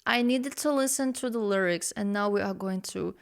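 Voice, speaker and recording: A woman vlogging her reaction to a song, explaining vocal technique in an expressive, analytical way and exclaiming in surprise. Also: medium pitch, vocal fry, clear, resonant tone. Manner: slow and expressive, gasping and swearing in surprise. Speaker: vocal coach reacting to music.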